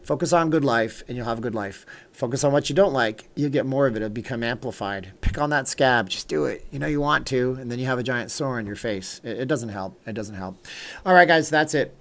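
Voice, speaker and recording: Talking fairly quickly in a mid-range voice, a middle-aged livestream host chats loosely and rambles. He responds to the chat, names and thanks his supporters, and slides into a sincere pep talk.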